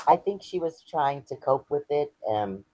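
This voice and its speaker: A man's voice: on the high side, lively intonation, a little slow, a little mellow, dry recording, low-quality recording. A man, earnestly sharing his personal story as an interview guest. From Texas. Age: 50s. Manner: earnest, candid and reflective.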